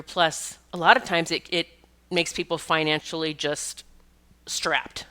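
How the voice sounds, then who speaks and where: A woman's voice: fairly low pitch, bright, forceful tone. A middle-aged woman hosting a podcast, talking casually in a rambling monologue with many restarts and occasional laughs. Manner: chatty, rambling, restarts often and laughs while telling stories. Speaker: podcast host and pet communicator.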